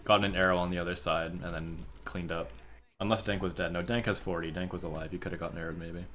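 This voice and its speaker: A young man casually commenting on a match replay, relaxed and offhand, swearing and now and then breaking into loud callouts. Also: deep voice, fast talker, a little hiss or hum. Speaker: streamer reviewing a match demo.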